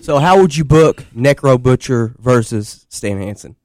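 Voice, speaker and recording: A man's voice: medium pitch, a little slow, darkish tone, no echo, studio quality. A man hosting a podcast, asking loose, rambling interview questions. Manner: loose, restarts his questions. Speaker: podcast host.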